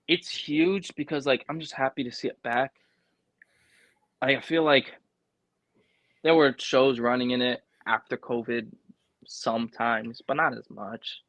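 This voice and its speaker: A young man with a thick New York accent, a wrestler talking casually and excitedly as a podcast guest, swearing freely. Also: medium pitch, a little slow, pauses often, no room sound.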